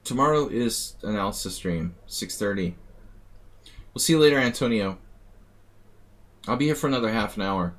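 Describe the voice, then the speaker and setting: A man with a slightly low voice runs a live chess stream. He answers viewers' chat in a dry, offhand manner while thinking through moves, and his pace runs quick. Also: expressive. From United States.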